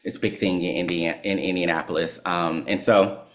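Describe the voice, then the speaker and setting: A man, a psychologist and author, telling a story in conversation, animated, laughing often and peppering his talk with "like" and "right?". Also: sits low, a little fast. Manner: animated storyteller who laughs and acts out quotes; filler-heavy with "like" and "right?".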